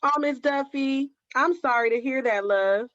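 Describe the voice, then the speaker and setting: Speaking a little slowly in a high-pitched voice with a fairly bright tone, a woman from Oakland, California, hosts a craft livestream. She chats casually as she reads viewer comments, calling people "baby" and "girl." The audio is dry and slightly dull, with no room sound.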